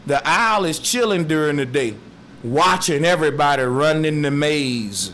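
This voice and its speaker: A man muses slowly through a philosophical monologue in streetwise slang. His voice sits a bit high for a man. A faint hiss hangs behind him. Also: animated, fairly bright tone. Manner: slow, musing, streetwise slang. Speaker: speaker.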